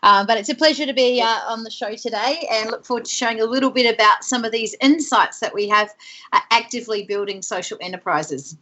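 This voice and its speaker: A woman's voice: a little high, brisk, bright, forceful tone. A woman speaking as a guest on a podcast, polite and friendly. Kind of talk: casual interview.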